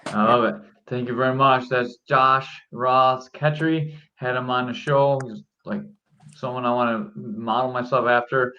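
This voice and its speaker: A man hosts a podcast and speaks at a middling pitch, relaxed and upbeat as he plugs a sign-up. His audio sounds dull and lo-fi. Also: moderate pace. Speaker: podcast host.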